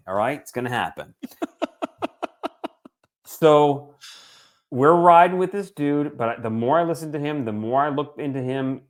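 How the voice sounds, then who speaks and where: Animated man in his forties ranting casually. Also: mid-range voice. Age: 40s. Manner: animated, swearing, joking asides. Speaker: podcast co-host. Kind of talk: casual sports chat.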